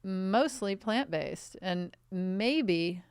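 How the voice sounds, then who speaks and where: A woman co-hosting a podcast who teases in a dry, deadpan way. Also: mid-range voice, drawn-out words, clear, resonant tone, no echo. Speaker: podcast co-host. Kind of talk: casual chat.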